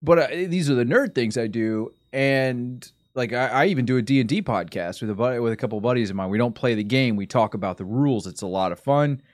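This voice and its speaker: A man chatting casually on a stream in a middle-pitched voice. He rambles, breaks off mid-sentence and wanders onto side topics. The sound is dry and close, with no room echo. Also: fairly quick, few pauses. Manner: rambling, sidetracked, self-interrupting. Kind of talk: casual chat.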